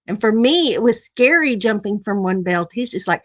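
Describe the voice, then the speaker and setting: A woman's voice: mid-range voice, expressive, fairly quick, hardly any pauses, fairly bright tone, dry recording. A middle-aged woman hosting a casual live-stream chat, laughing often and repeating her phrases affectionately.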